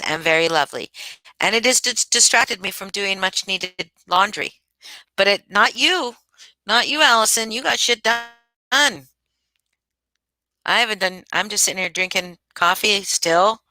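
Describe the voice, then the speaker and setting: Sleepy and yawning, a woman hosts a livestream from home, rambling and chatting casually while addressing viewers by name. Her slightly low voice has a bright, forward edge, and the poor-quality audio is dry and close.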